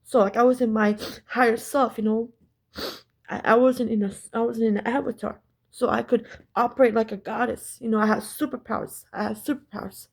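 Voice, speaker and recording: A woman tells a story straight to her viewers in an intense, emphatic way, repeating herself and swearing. Her voice sits fairly high, with a gravelly fry and a husky edge. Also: steady tone, a little fast. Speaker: spiritual storyteller. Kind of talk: casual story time monologue.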